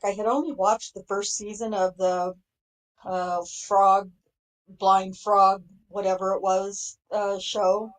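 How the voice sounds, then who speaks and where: A woman's voice: mid-range voice, poor audio. A woman casually chatting on a livestream as co-host, talking freely and laughing often. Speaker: stream co-host.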